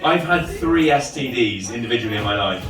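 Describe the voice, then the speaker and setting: Stand-up compère in his thirties, brash and animated, recorded far off in a noisy venue. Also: mid-range voice, brisk. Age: 30s. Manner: loud, animated joke-telling with swearing. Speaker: comedy night host. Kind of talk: stand-up comedy. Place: comedy venue with audience. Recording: roomy live venue from far off, loud crowd.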